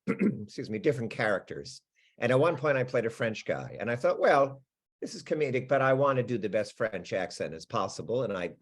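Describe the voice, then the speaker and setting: A middle-aged American man, an actor being interviewed, talking in an animated, chatty way with restarts and laughs. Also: medium pitch. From United States. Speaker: actor guest. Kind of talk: casual interview chat.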